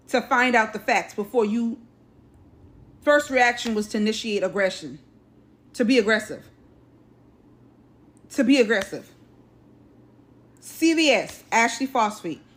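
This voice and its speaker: A woman from South Carolina recounting an incident to her viewers in casual commentary, stressing points by repeating them. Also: a little high. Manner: emphatic, repeats key phrases; addresses viewers directly. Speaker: social media commentator.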